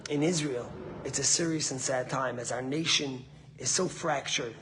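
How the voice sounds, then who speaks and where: A man giving a short, earnest sermon as a rabbi, rising to passionate peaks and falling soft, with Hebrew words mixed in. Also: medium pitch, moderate pace, noisy background.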